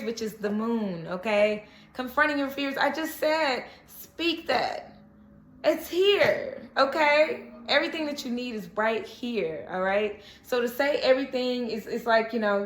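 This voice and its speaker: Bright, chatty woman in an echoey room. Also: on the high side. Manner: chatty, reassuring, frequent "okay?" check-ins. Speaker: tarot reader. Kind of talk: casual spiritual reading to camera.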